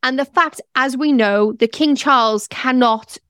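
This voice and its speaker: A woman co-hosting a podcast, chatting in a gushing, excitable way. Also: high voice, measured pace, clear, resonant tone, dry recording, studio quality. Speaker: podcast co-host. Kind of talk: casual chat.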